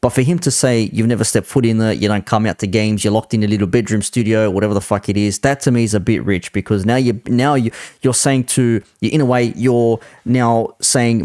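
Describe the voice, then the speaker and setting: A man's voice: lowish voice, brisk, darkish tone, no room sound, clean studio sound. A man hosting a reaction commentary, talking in an exasperated, casually swearing way. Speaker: commentary channel host.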